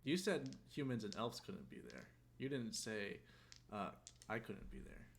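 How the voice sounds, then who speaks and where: A man's voice: on the low side, sing-song, a little slow, creaky, a little hiss or hum. A man playing in a tabletop game, joking and laughing through casual chat. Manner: joking, laughing while talking. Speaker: player.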